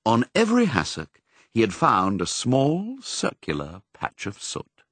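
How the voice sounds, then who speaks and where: Expressive husky male storybook narrator. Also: mid-range voice, a little slow, no room sound. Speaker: audiobook narrator.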